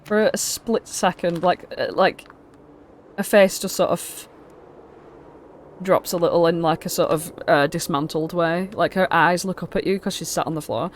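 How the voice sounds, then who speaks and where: A woman's voice: lowish voice, steady tone, moderate pace, slight background noise. A woman narrating as game master, rambling with many fillers.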